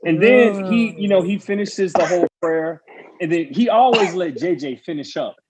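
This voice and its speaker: A former pro football player telling a story in casual chat, animated and laughing as he acts out the people in it. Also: high-pitched, normal speed, a loud crowd. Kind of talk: casual storytelling on a panel show.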